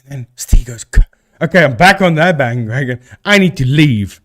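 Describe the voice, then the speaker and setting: Chatty animated man streaming live. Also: mid-range voice, normal speed. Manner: chatty, talks to chat and thinks aloud. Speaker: live-stream host debunking ghost videos. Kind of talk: casual live-stream commentary.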